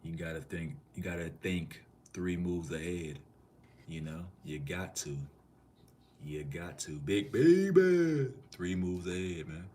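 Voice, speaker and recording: Deep-voiced laid-back male streamer from Minneapolis. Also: little pitch movement, measured pace, a little mellow. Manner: laid-back, slangy, answers chat comments. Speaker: live streamer. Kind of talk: casual live-stream chat.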